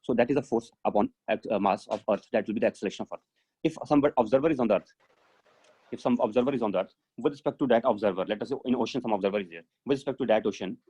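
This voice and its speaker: A lowish, dark, slightly rough male voice races along as he teaches physics online over a video call. His live lesson unfolds step by step, full of fillers as he thinks aloud.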